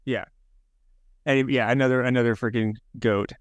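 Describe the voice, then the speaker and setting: A man hosting a podcast interview, relaxed and encouraging, who drops quick replies while his guest talks. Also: mid-range voice, clean tone, no echo, lo-fi sound. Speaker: podcast host. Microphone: headphones and podcast mic.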